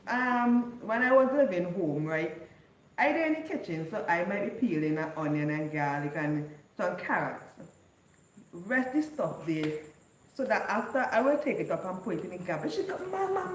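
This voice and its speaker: Casting: woman, giggly chatty storyteller, echoey room with faint hiss. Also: medium pitch. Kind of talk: casual storytelling chat.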